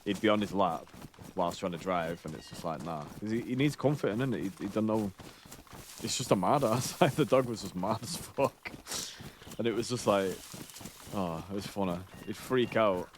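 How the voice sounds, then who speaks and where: Male streamer, thirties, deep low voice, rambling sweary anecdotes, laid-back. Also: background noise. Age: 30s. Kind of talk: casual chat while gaming.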